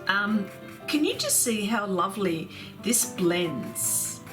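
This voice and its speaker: Over background music, a woman hosts an art livestream, reading out viewer comments in a relaxed, chatty way. She's effusive and laughs readily, her medium-pitched voice swinging widely up and down.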